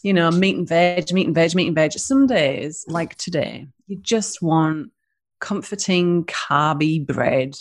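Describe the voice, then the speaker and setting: A woman's voice: low-pitched, unhurried. Chatty northern English woman. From northern England. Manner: chatty, laughing, informal. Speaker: guest, food business founder. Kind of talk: casual interview chat.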